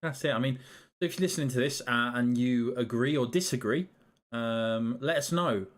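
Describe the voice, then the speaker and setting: A man's voice: mid-range voice, moderate pace. A British man hosting a casual gaming podcast, easygoing and chatty, with frequent ums. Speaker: podcast host.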